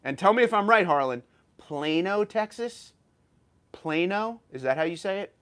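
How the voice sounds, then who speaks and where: A man's voice: high-pitched, animated, fast talker, a bit bright. A man in his thirties hosting a casual livestream, reading viewer chat messages aloud and answering them, a little tired and stumbling over words now and then. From New York. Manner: chatty, reads chat messages aloud and replies.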